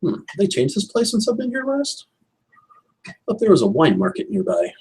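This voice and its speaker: A man's voice: sits high, huge pitch swings, normal speed, darkish tone, husky, voice pushed up, full character voice. A man putting on a puzzled, well-heeled gent. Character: wealthy suited man, mildly puzzled.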